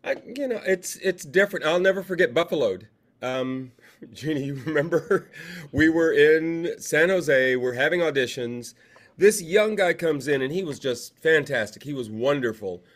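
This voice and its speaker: A man's voice: a little high, lively intonation, normal speed. A man co-hosting over a video call and telling theater stories in a casual, anecdotal way. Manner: anecdotal storyteller. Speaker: co-host, theater director.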